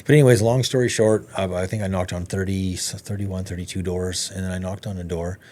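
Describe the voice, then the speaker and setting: A man with a deep, low voice tells his story at a rapid clip. He is a podcast guest in casual conversation, animated and loose with his swearing, jumping into the voices of the people he quotes. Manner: animated, swears freely, acts out quoted dialogue.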